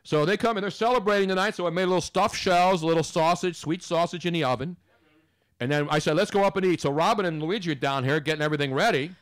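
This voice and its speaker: Chatty guy hosting sports radio, kinda high voice, rambles on. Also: fast, clear, resonant tone. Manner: rambling, chatty, talks over others. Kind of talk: casual radio talk.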